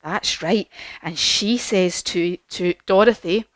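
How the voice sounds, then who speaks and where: A woman leading a children's yoga class as a story, animated and encouraging, with gasps and questions. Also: mid-range voice, a little slow, no echo. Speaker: kids yoga teacher.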